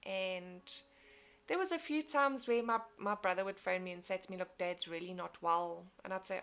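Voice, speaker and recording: A young South African woman hosts a casual motivational live stream, speaking earnestly and reading out viewer comments. Her mid-range voice is fairly bright and clean, at a moderate pace, and she often repeats and restarts phrases.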